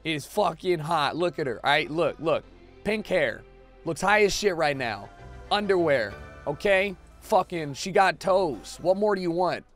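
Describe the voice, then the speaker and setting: A young man giving profane, excitable let's play commentary as a gaming video host, now and then bursting into shouts. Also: on the high side, a little slow, soft background music.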